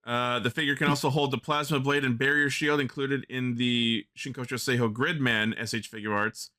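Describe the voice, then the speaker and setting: A man co-hosting a casual fan podcast, reading out news items in an even, matter-of-fact manner. His voice is bright, with mid pitch. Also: normal speed. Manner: even, matter-of-fact, reads product details.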